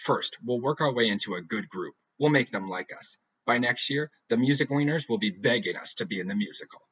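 A man's voice: medium pitch, expressive, a little fast, fairly bright tone, husky. A man voicing an upset, dramatic teenage girl who complains emphatically. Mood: determined. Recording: dull lo-fi recording.

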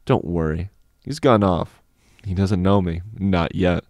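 A man voicing a self-assured older schoolboy who speaks softly and with measured calm. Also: low-pitched, no echo, studio quality. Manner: measured, soft, unhurried.

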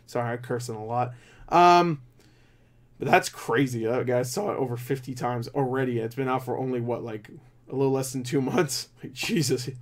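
A tired young man rambling through casual movie box office commentary, swearing often and breaking into loud disbelief. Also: medium pitch, moderate pace. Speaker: movie vlogger.

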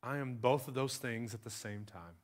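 A man preaching a sermon as pastor, talking conversationally and swinging between soft asides and emphatic lines. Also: mid-range voice, normal speed.

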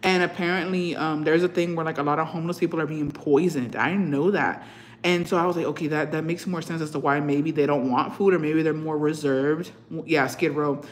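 A woman's voice: low-pitched, fairly quick, roomy sound. Young woman chatting on a livestream, swearing freely. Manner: swears freely, slips into Spanish; animated storyteller. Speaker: livestream host. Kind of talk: casual livestream chat.

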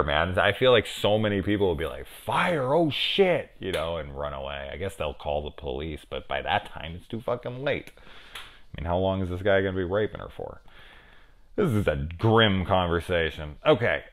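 A middle-aged man with a notably low voice talks through a horror movie in a loose, casual way. He rambles off on tangents and swears freely. It sounds like an off-the-cuff video review. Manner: rambling, profane, chatty asides. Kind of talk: casual spoken film review.

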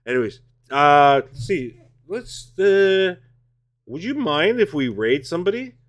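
A father streams a tank battle game from his home basement, talking to his chat in a very animated, fairly high voice at a measured pace. Chatty and self-mocking, he blurts out curses between friendly remarks during play.

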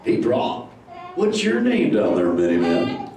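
A man's voice: low-pitched, wildly swooping pitch, unhurried, noisy background, heavily acted. A man voicing a laid-back male surfer-dude sea turtle in a live improvised show, with a goofy drawl that keeps calling everyone "dude". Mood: stoked. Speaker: live interactive show character. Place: large indoor theater with an audience. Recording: echoey theater audio from far off, loud crowd.

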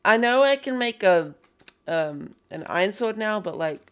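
Excitable woman playing a game. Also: mid-range voice, measured pace, a little hiss or hum. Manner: chatty and excitable, greeting game characters in a playful voice. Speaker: gaming video host. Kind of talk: casual gameplay commentary.

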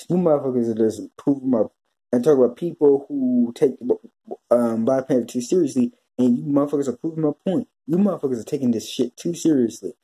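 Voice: medium pitch, fairly quick, warm tone, slightly rough. A vlogger ranting in a profane, exasperated way, repeating himself and restarting his sentences often. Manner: repetitive, with frequent restarts. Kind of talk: ranting commentary vlog.

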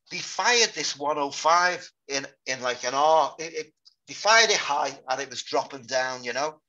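Sober man recounting combat, bright-toned. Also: fairly high pitch. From Britain. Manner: sober, halting recollection. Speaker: guest, war veteran. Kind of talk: interview storytelling. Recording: dull lo-fi podcast audio.

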